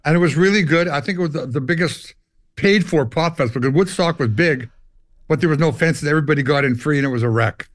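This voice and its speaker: Older Canadian musician, guest storyteller, slightly high voice, dry close sound. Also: male voice, quick pace, no echo. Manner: animated storyteller, acts out dialogue and hums riffs. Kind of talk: storytelling interview.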